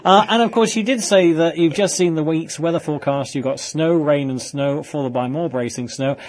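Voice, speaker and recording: A man's voice: fairly high pitch, moderate pace. A man presenting a radio show, chatting and teasing his guests in playful studio banter.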